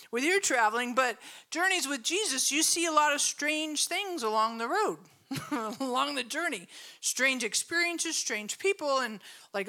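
A middle-aged woman pastor giving a conversational sermon, telling stories with lots of laughter and asking the audience questions. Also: sits high. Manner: storytelling, animated, laughs often, asks the audience questions.

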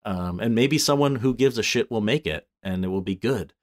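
A man co-hosting a casual movie chat podcast, talking in an animated way and swearing freely. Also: moderate pace. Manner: animated, swears, swings pitch for mock quotes.

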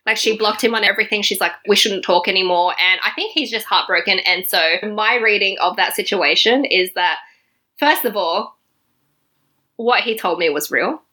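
A young woman casually telling a personal story on a podcast, acting out what people said with big jumps in her voice. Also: normal speed. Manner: animated, acts out quotes with big pitch jumps.

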